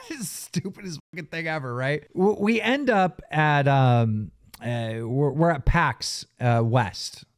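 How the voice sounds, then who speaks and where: A man hosting a podcast, telling animated stories and laughing often. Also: a little high, slow. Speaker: podcast host. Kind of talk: casual storytelling.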